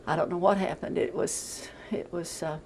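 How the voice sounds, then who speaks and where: An older woman giving a halting, emotional account in a news interview, often repeating words as she goes. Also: lowish voice, fairly even intonation, creaky, a little mellow, a little hiss or hum, poor audio.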